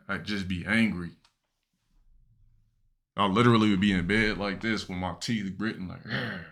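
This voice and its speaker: A man with a low, bright-edged voice talks casually on a livestream. He reacts bluntly and crudely to what he watches, speaking in loose, offhand chat. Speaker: streamer.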